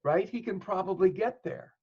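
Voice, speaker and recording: A man with a somewhat high voice, explaining things patiently as a therapist in an interview. He builds his points with examples and plays out bits of dialogue. The audio is dull and lo-fi. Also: moderate pace, breathy edge. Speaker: psychotherapist guest.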